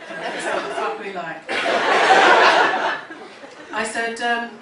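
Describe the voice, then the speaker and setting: A woman's voice: fairly high pitch, takes it slowly, long pauses, distant mic. A woman in her thirties doing a stand-up comedy set, rambling and self-mocking with plenty of swearing. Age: 30s. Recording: echoey room from afar, loud crowd. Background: laughing audience, noise.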